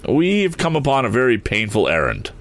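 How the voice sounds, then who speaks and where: A man's voice: medium pitch, wildly swooping pitch, normal speed, pitched above the performer's own voice. A man voicing a grim middle-aged police chief in a read-aloud story, stammering at first and then firm and testy. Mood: stammering, stern. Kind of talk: audiobook character voice.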